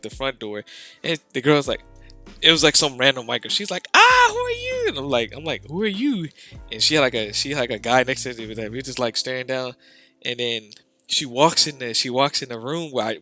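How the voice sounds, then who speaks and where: A man's voice: mid-range voice, pushed and bright. A young man telling a rambling, slangy street story to his viewers, full of fillers. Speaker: vlogger. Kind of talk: casual storytelling.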